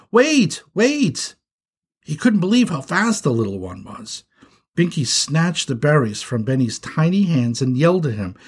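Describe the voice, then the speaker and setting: Man, children's story narrator, breathy voice, animated pitch, expressive reading.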